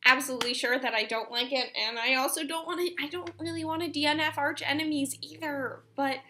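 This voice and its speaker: Bright-voiced chatty young woman. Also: high-pitched, steady tone, a little fast, slight background noise. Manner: chatty, rambling, with many fillers and restarts. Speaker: book vlogger. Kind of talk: casual chat.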